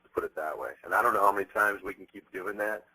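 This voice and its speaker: Man, low voice, husky edge, blunt and profane, animated storyteller, radio interview. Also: quick pace, poor audio. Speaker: interviewed musician. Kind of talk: candid interview talk.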